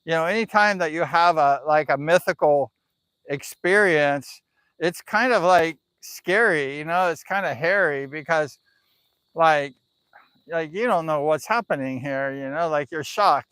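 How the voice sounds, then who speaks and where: A man's voice: a little high, measured pace, a bit bright, clear, resonant tone, no room sound. A man on a live stream telling a spooky story in a casual, rambling way, full of "like" and "you know".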